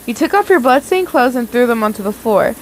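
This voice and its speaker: A woman's voice: a little high, lively intonation, a little fast, echoey room, in a large hall, slight background noise. A young woman, reading fanfiction aloud and breaking off to react and joke. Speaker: fanfic reader.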